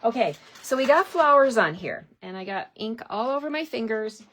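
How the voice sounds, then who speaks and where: A Canadian stamping demonstrator gives a casual card-stamping tutorial, chatting and giggling with her viewers as she works. Her voice is on the high side, expressive and fairly bright, at a moderate pace. There's slight background noise.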